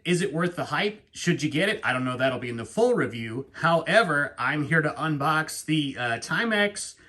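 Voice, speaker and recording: A man hosting a casual watch unboxing vlog, talking excitedly and breathlessly, rambling and poking fun at himself. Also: on the high side. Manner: excitable, rambling, self-mocking. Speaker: watch channel host.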